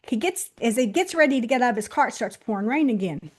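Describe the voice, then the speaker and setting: A woman in her sixties, a guest on the show, telling a personal story straight to viewers, swinging between loud bursts and hushed moments. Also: fairly high pitch, lively intonation, fast talker, husky. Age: 60s. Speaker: interview guest.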